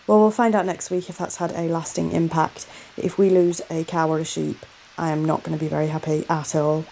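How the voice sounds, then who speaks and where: A woman's voice: lowish voice, dark tone, slight background noise, poor audio. A woman host doing a chatty voiceover for a game playthrough, often exclaiming in exasperation at herself. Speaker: gaming channel host.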